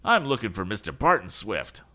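A man's voice: lowish voice, sing-song, a little fast, pushed and bright, voice pushed up. A man voicing a suave, evasive male visitor who talks easily in a polished, ingratiating way, in a storybook reading.

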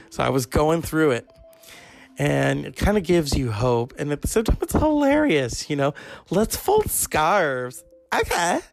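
Male solo podcaster, 30s, gravelly fry, profane rambling comic monologue, faint music bed. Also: mid-range voice. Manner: rambling, profane, campy asides. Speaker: podcast host. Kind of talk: solo comedic podcast rant. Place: at home, in bed.

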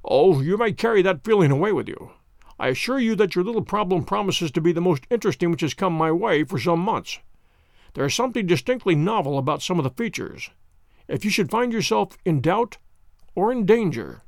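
A man reading the part of a grave, brilliant detective in a storybook, measured and authoritative. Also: high voice, animated, gravelly, a little mellow, dry recording, clean studio sound.

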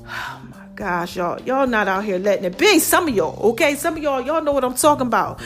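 A woman hosting her own online show, talking casually and warmly to her viewers, calling them "baby" and repeating phrases to drive her point home. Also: high-pitched, lively intonation, a little fast, faint music behind. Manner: affectionate, calls listeners "baby" and "y'all"; preachy, repeats phrases for emphasis. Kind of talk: casual motivational talk to viewers.

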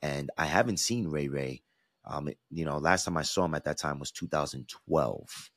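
Speaking at an extremely low pitch that is still a bit bright, a male podcast host in his thirties recounts a personal story at normal speed with no room sound. He hails from the New York–New Jersey area of the US East Coast and comes across earnest and reflective, with many restarts.

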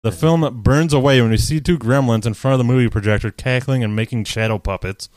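A man's voice: mid-range voice, brisk, no echo. Dry-voiced man recapping a movie. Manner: recaps the plot with deadpan jokes and laughs. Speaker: podcast co-host. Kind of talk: casual movie recap chat.

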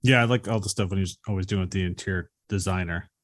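A man co-hosting a casual movie podcast, calmly recounting plot points and favorite moments. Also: low voice, fast. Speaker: podcast co-host.

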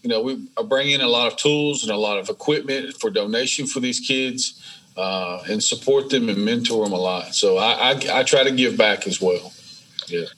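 A man, a business owner being interviewed, telling stories in a casual, animated way and acting out the dialogue. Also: medium pitch, normal speed, poor audio. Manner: animated, acts out dialogue in storytelling. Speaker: welding business owner, guest. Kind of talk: casual storytelling.

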